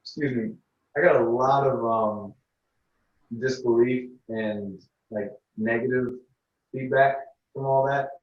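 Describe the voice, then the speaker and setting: A man, an interview guest, telling a story in a casual, halting way and acting out what others said. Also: mid-range voice, echoey room, distant mic, muffled recording. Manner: animated, halting storytelling that acts out others' lines.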